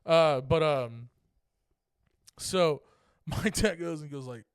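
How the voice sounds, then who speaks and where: A man's voice: fairly high pitch, takes it slowly, clean tone, no echo, studio quality. A young man from California co-hosting a podcast, telling a rambling, profane story in casual chat. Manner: profane, rambling, laughing as he talks. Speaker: podcast co-host.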